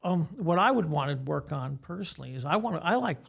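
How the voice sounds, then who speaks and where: A man's voice: a little high, expressive, fast, gravelly, breathy edge, highs cut off. An older man who teaches guitar, giving rambling, teacherly explanations as a guest in a casual podcast interview.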